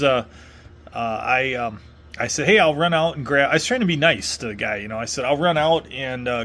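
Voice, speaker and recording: A man's voice: mid-range voice, bright, forceful tone, breathy edge. A middle-aged man from Wisconsin telling a casual story in a rambling way, full of fillers and restarts. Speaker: vlogger.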